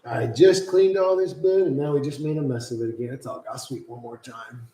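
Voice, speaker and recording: A man streaming live, chatting loosely with lots of swearing and cooing softly to his pet. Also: mid-range voice, fairly quick, reverberant, noisy background. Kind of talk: casual live-stream chat.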